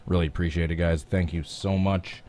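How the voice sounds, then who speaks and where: A man's voice: sits low, fairly even intonation, moderate pace, mellow. A man with a Midwestern American accent, chatting casually as a gaming live streamer who greets his viewers by name.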